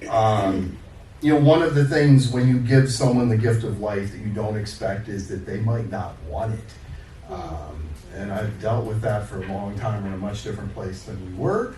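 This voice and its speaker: A man's voice: fairly low pitch, normal speed, dark tone. A man, the featured poet, chatting casually with the audience between poems, friendly and laughing with lots of fillers. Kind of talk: casual banter at an open mic. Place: live open mic at a studio. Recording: roomy, distant mic, faint room noise.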